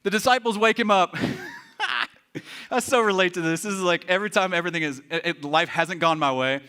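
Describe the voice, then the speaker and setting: A man's voice: high voice, brisk, clear, resonant tone. A man preaching a sermon as pastor, joking and acting out quotes with lots of energy. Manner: animated, joking, acts out quotes. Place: church.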